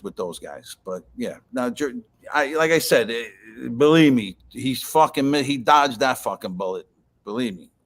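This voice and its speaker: A man telling stories in casual talk, profane and rambling, with many restarts. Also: lowish voice. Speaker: guest storyteller. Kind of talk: casual chat.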